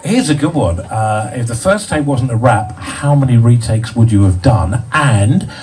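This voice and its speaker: A man's voice: mid-range voice, lively intonation, measured pace, a little mellow, slight background noise. Distant man reading out questions. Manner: smooth presenter patter. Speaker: compere reading audience questions.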